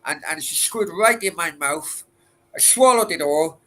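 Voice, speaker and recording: A man hosts a late-night chat stream with a bright, sharp tone and a slightly high voice. He rambles crudely, swears freely and stumbles through restarts as he answers chat. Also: expressive, measured pace, slight background noise. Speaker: livestream host answering chat.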